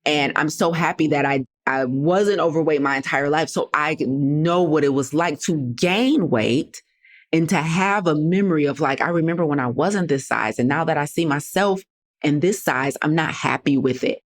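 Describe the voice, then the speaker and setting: Speaking in a deep voice at a moderate pace, a female health coach runs a motivational podcast on her own. She talks to her listeners with a sassy, blunt, preachy edge.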